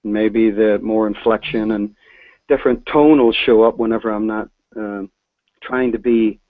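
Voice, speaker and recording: A man's voice: lowish voice, steady tone. Hesitant man on a tinny phone line. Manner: halting, restarts, self-conscious. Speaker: caller. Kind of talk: hesitant call-in question.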